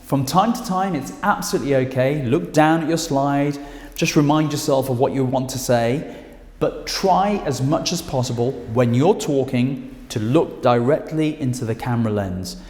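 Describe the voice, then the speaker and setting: A man with a British accent teaching presentation skills straight to camera, speaking emphatically with lively intonation. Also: medium pitch, moderate pace. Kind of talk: direct-to-camera instructional talk. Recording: echoey room with long reverb.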